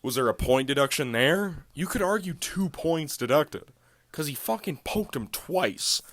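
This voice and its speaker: A man's voice: fairly high pitch, animated, a little slow, fairly bright tone, no echo. Profane, ranting man on a dry mic. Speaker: MMA recap channel host. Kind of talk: casual fight recap monologue.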